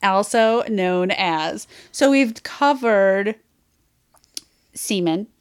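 A woman's voice: medium pitch, lively intonation, drawn-out words, clean tone. A woman co-hosting a podcast in casual chat, giggly and gushing, openly emotional as she talks. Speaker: podcast co-host.

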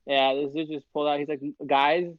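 A man's voice: fairly high pitch, completely flat delivery, quick pace, clear, resonant tone, no room sound, highs cut off. A man co-hosting a podcast, casually telling stories and acting out what others said. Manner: storytelling, mimics others in quotes. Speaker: podcast co-host. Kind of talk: casual chat.

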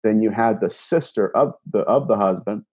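A man being interviewed, retelling a personal encounter in an animated way, often restarting and repeating words. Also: on the low side, normal speed, husky. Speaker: guest, paranormal investigator. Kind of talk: storytelling interview.

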